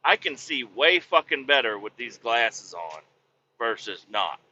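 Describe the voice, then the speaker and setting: Profane joking man, very bright voice. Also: medium pitch, very animated, a little slow, muffled recording, slight background noise. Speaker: vlogger. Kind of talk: casual rambling monologue while driving. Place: in a truck on a rainy day.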